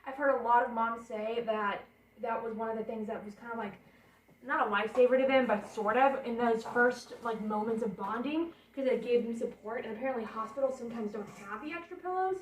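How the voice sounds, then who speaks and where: A woman's voice: a little high, a little fast. Chatty young woman in a roomy bedroom. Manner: chatty and rambling, thinks aloud while unpacking. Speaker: vlogger. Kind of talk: casual vlog chat. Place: bedroom of an apartment. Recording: roomy sound, camera a bit far off. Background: portable air conditioner hum.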